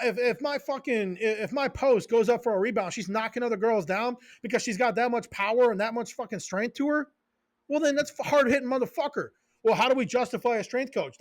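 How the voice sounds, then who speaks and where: A man with a fairly high voice rants on a casual podcast as a strength coach. He swears freely, hammers short repeated phrases and drifts into tangents. The sound is dry and close, with no room around it. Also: no room sound. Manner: profane, fired-up, goes on tangents.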